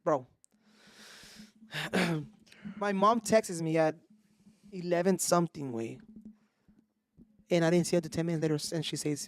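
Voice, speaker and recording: A man, a podcast co-host telling a story in animated casual chat and mixing Spanish into his English. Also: high-pitched, normal speed, long pauses, no room sound, studio quality. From Mexico.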